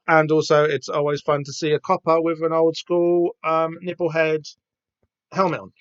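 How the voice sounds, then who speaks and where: A man's voice: mid-range voice, fairly bright tone, dry recording. Man, podcast host, rambling casual chat, dry dull recording. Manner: rambling, hesitant, full of fillers and restarts. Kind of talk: casual comic-book reading chat. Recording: dull dry lo-fi home mic.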